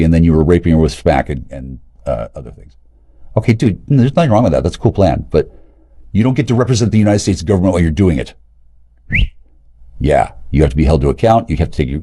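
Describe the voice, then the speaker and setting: A man in a rambling, profane monologue, agitated and jumping between loud outbursts and low mutters. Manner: profane, agitated, rapid loud and quiet swings. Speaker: streamer talking to camera.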